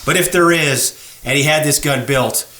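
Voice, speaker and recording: In a gun shop workroom, a gunsmith shop owner hosting his own show chats casually with viewers, explaining and pointing out flaws on a gun. His voice is fairly high and reverberant at a normal speed, and he comes across folksy and animated, addressing the audience as folks.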